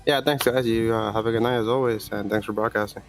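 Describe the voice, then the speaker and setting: A man who just won the race, speaking in quick, offhand remarks. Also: lowish voice, steady tone, soft background music. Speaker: race winner. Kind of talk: post-race interview.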